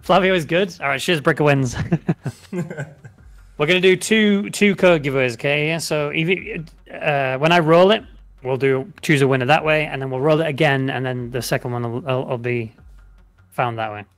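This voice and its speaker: A man's voice: a little high, normal speed, a bit bright, no room sound, faint music behind. Chatty British man streaming a game. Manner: chatty, joking, repeats giveaway instructions. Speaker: streamer co-host. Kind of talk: live gameplay stream chat.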